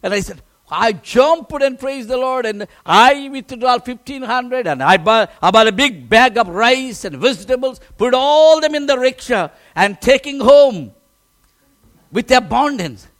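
Casting man, pastor, very high voice, emotional testimony storyteller with halting restarts. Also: animated, fairly bright tone.

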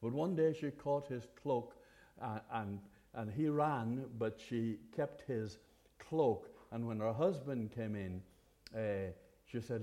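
Man preaching with a warm, mellow voice. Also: medium pitch, slow. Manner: earnest, conversational, with hesitant restarts. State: occasional cough. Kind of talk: sermon.

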